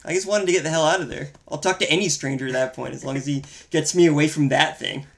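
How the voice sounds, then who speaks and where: A man's voice: on the high side, fairly even intonation, quick pace, gravelly, fairly bright tone. Profane, rambling male podcast co-host. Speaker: podcast co-host reviewing a film. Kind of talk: casual chat.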